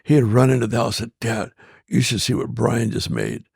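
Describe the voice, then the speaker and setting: An older man, a guest pastor, talking haltingly in an interview and often repeating his words. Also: medium pitch, sing-song, vocal fry, a little mellow, breathy edge, dry recording, studio quality. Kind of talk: conversational interview.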